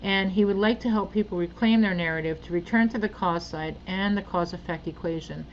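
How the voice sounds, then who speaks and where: A woman hosting an event, introducing a speaker and reading out his bio with pauses and fillers. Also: lowish voice, lo-fi sound, slight background noise. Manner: halting, reads out bio with fillers. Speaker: event host.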